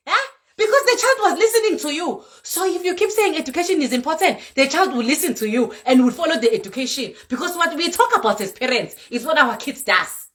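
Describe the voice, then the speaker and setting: A woman's voice: high voice, animated, fairly quick, fairly bright tone. A South African woman with a Zulu accent, a vlogger giving a fiery, scolding rant to camera, repeating herself for emphasis. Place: Europe.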